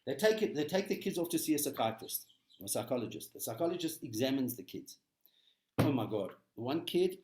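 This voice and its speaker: A man giving a weekly Torah talk as a rabbi, preaching with animated storytelling and emphatic repetition. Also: medium pitch, brisk, echoey room.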